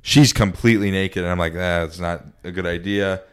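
A man tells a story on a podcast in a deep, smooth voice. He rambles and restarts his sentences, filling gaps with ums and likes. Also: fairly even intonation, moderate pace. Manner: rambling, full of fillers and restarts. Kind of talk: casual storytelling.

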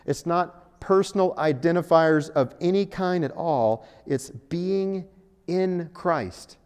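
A man's voice: a little high, a little mellow, clean tone. A man preaching a sermon, earnest, with rhetorical questions and stressed key phrases, in a church hall. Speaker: pastor. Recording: echoey hall.

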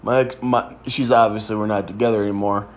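A man's voice: lowish voice, steady tone, fast talker. A young man in his twenties telling a rambling, crude story in a casual chat. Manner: crude, rambling, laid-back. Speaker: podcast host.

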